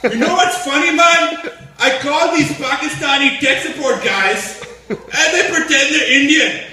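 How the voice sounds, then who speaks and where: A man's voice: very high voice, measured pace, bright, forceful tone, pitched above the performer's own voice, exaggerated voice. A man voicing a smug young male Indian tech worker in a comedy club. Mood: mocking. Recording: echoey club from far off.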